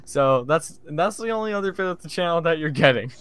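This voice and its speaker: A man co-hosting a casual podcast, relaxed and joking as he tells a story. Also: a little high, a little fast, clear, resonant tone. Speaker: podcast co-host. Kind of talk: casual chat.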